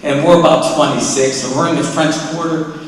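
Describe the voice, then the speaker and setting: A man's voice: fairly high pitch, brisk. Echoey storytelling man in a large hall. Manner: animated, acts out quoted voices. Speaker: award acceptance speaker. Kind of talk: storytelling speech. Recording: echoey hall, mic from a distance, faint ambience.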